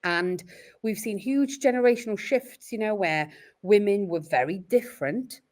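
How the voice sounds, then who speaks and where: This middle-aged Welsh woman speaks at a moderate pace and medium pitch. On a podcast, she talks openly and reflectively about being a parent, telling her stories in an earnest, expressive way.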